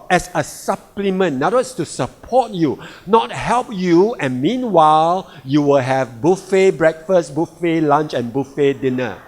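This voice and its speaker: A man's voice: a little high, in a large hall. A man, a health coach, explaining a product to an audience in short repeated phrases and questions. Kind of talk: product presentation talk.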